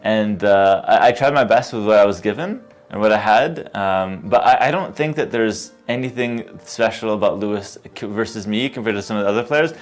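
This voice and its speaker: A man answering interview questions at a gaming tournament, relaxed and self-assured, with many fillers. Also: fairly low pitch, brisk, few pauses, faint music behind. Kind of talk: post-match interview.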